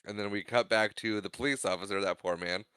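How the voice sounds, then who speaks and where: Man, podcast co-host, animated delivery, crisp and dry close-mic sound. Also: lowish voice, quick pace, dry recording. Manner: animated, acts out movie lines in silly voices. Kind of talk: casual movie discussion.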